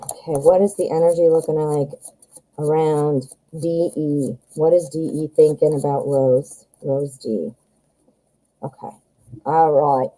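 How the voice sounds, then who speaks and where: A woman's voice: sits low, steady tone, unhurried, warm tone, rough recording. Chatty woman reading tarot live. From United States. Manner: chatty, rambling, addresses viewers as hun and honey. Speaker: tarot reader. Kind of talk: live-stream tarot reading, casual chat.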